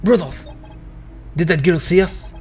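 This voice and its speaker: A man's voice: high-pitched, a little slow, a little mellow, slight background noise, pitched above the performer's own voice. A scheming young noble mage with a cold, commanding edge, read out by a man. He gives clipped, imperious orders and never raises his voice. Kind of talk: reading game dialogue aloud.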